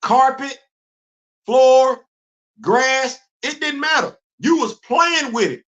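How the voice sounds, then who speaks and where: Middle-aged male host, high-pitched, lively and repetitive delivery, casual livestream talk. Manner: animated, repeats himself, self-questioning asides. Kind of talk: casual solo livestream chat. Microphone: livestream studio setup.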